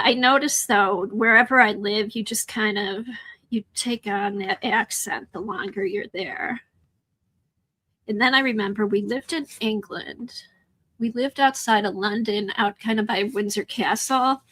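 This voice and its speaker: A woman's voice: medium pitch, steady tone, measured pace, a bit bright, no room sound, poor audio. A middle-aged woman from Chicago with a Midwestern accent, chatting casually with her viewers during a live art stream and answering their comments. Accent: American Midwest. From Chicago, USA. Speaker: livestream art host. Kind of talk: casual chat while crafting.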